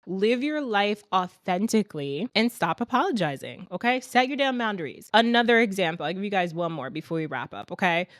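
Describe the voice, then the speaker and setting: A young adult woman hosting her own podcast in a casual solo talk, animated and talking straight to her listeners like a friend. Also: mid-range voice, fairly quick, hardly any pauses, no echo, studio quality. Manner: animated, talks straight to listeners, calls them "sis" and "girl". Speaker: podcast host.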